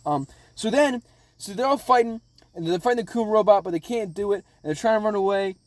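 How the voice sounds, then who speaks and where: A man casually recapping episodes of a show, rambling and excitable, swearing constantly. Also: sits high, fast talker, no room sound. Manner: rambling, profanity-laden, excitable. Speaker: anime reaction vlogger.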